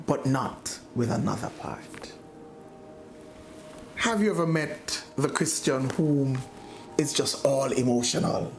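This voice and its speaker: A man preaching a sermon as a bishop, slow and deliberate, rising to emphatic points. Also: fairly high pitch, vocal fry, slight background noise. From Jamaica.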